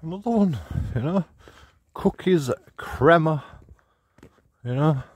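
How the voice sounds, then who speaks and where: Husky man joking through a street walk. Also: fairly high pitch, expressive, slow, no room sound. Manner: laughs at his own jokes, mocking. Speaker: vlogger. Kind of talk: casual walking commentary. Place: outdoors on city streets.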